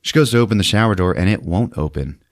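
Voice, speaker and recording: Animated man recapping a movie. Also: low voice, fast talker, dry recording, clean studio sound. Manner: laughs through retelling, acts out characters' lines. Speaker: podcast host.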